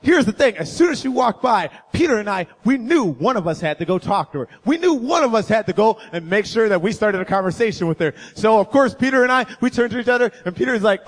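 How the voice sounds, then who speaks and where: A man, a guest speaker, telling a funny personal story in a sermon, animated and acting out voices and sounds. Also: very high-pitched, brisk. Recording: echoey hall.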